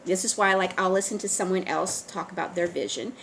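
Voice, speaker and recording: A woman talking straight to her viewers in a casual monologue, earnest and urging, often pausing on fillers and restarting. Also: fairly low pitch, a bit bright, slight background noise, poor audio. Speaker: online video host. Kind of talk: casual direct-to-camera monologue.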